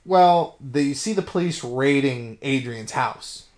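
Man swearing through an animated movie recap. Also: mid-range voice, unhurried. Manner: animated storytelling with frequent swearing. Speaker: podcast co-host. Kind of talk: casual movie recap chat.

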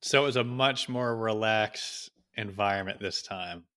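A man's voice: on the low side, unhurried, fairly bright tone. A man hosting a casual chat, asking short follow-up questions and laughing along.

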